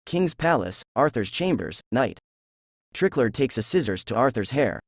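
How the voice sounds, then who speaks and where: A man reading a drama transcript aloud, announcing character names and stage directions in a flat manner. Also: mid-range voice, normal speed, no room sound. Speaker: script reader.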